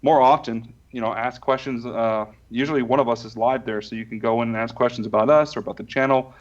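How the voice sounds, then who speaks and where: A relaxed man co-hosts a podcast in a middle-pitched voice, with small chuckles. His mic sounds dull and lo-fi, and keyboard typing can be heard behind him. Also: fast talker. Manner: relaxed, chuckling, promo-reading. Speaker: podcast co-host. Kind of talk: casual podcast chat.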